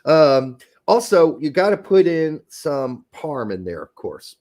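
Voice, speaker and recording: A man's voice: fairly high pitch, very animated, slow pace, a little mellow. A man co-hosting a casual podcast, joking and swearing while drinking beer and talking cooking. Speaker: podcast co-host.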